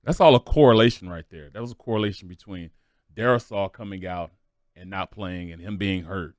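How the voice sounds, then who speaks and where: A man raised in St. Louis, co-hosting a sports talk show in a loose, chatty way and quick to laugh. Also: deep voice, no echo, clean studio sound. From St. Louis, USA. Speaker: sports radio co-host.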